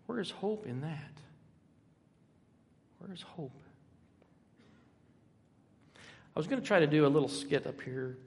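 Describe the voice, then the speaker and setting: An older man preaching a sermon, emphatic, swinging between loud and soft with dramatic pauses. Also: on the high side, animated, vocal fry, a little hiss or hum. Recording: echoey hall.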